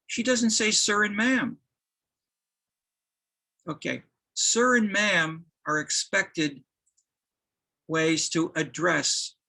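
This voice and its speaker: A man giving a university lecture, halting, with many restarts and fillers. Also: a little high, vocal fry, pushed and bright, poor audio.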